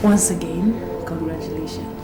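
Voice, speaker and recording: Actress as Nigerian friend, soothing then firm, film score under. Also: female voice, deep voice, steady tone, moderate pace, roomy sound, natural voice. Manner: soothing, repeating herself, firm pep talk. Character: caring woman friend of young mother. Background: film score music.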